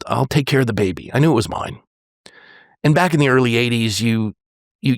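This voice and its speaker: A man in his sixties, a pastor, telling a personal story on a podcast in an earnest, halting way, often restarting and quoting dialogue. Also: mid-range voice, creaky, no echo, clean studio sound.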